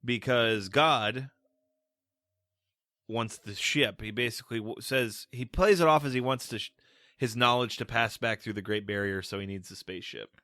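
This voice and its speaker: A man's voice: medium pitch, moderate pace, sharp tone, dry recording, clean studio sound. A man co-hosting a podcast, talking about a film in a wry, profane, casual way. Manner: wry, profane, acts out quotes. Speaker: podcast co-host.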